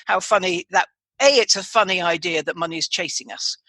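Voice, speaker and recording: A woman hosting a chatty podcast, her voice bright and forward. She wanders through her points with plenty of restarts and side remarks. The sound is close and dry, with no room around it. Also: lowish voice, fairly quick, dry recording. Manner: rambling, with many restarts and asides. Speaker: podcast host. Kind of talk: casual chat.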